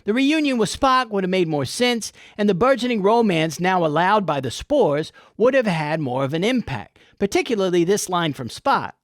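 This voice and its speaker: A man's voice: high-pitched, sing-song, moderate pace, few pauses, dry recording, clean studio sound. A man hosting a comic episode review, with irreverent, folksy and profane wit. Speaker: host.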